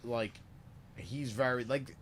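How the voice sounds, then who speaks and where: A man's voice: medium pitch, takes it slowly, a little hiss or hum. A man casually recapping a sitcom episode, rambling and swearing as he jumps between story and jokes.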